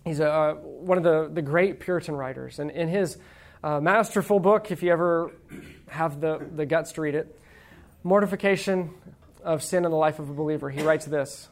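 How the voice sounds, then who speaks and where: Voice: mid-range voice, normal speed. A preacher delivering a sermon in an easy, conversational manner, asking the congregation questions and reading old quotations aloud with weight. Wry, playful asides break up the teaching. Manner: reads quotations aloud with emphasis.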